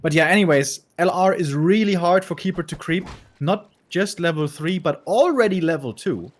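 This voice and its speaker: A man's voice: high voice, expressive, normal speed. A man casting a strategy game match, chatty and laughing easily with his co-caster. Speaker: esports caster. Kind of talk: casual game commentary.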